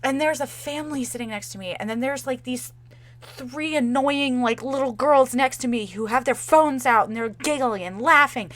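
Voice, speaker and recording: A woman hosting a podcast, telling a story in casual chat with animated, profane delivery. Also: sits high, normal speed. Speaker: podcast host.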